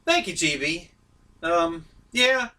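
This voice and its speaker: A man hosting a live stream, chatting casually with his viewers, easygoing and quick to laugh. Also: a little high, animated, bright, forceful tone, distant mic. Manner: easygoing, laughs often, chats with viewers by name.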